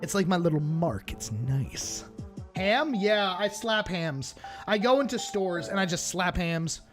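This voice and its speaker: A man's voice: high voice, animated, unhurried, soft background music. Playful man chatting live with his stream. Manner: chatty, playful, talks straight to his chat. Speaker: streamer reacting to videos. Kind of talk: casual live-stream chat.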